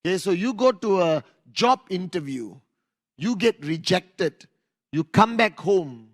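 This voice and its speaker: A man giving a motivational talk to an audience, telling animated stories, acting out scenes and asking the crowd questions. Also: high-pitched, a little slow. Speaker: motivational speaker.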